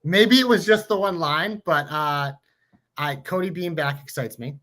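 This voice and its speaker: A man co-hosting a podcast, talking about wrestling in an excitable, emphatic way and swearing now and then. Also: fairly high pitch, measured pace. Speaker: podcast co-host. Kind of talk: casual wrestling chat.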